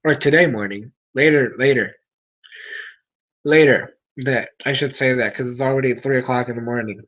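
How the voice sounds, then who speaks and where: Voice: medium pitch, fast talker, fairly bright tone, muffled recording. A streamer talking casually with viewers late at night, sleepy and yawning, rambling along with frequent restarts.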